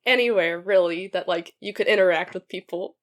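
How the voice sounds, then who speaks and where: A young woman guest chatting casually on a podcast, telling animated stories and laughing often. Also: fairly low pitch, a little fast. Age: young adult. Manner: giggly, animated storytelling.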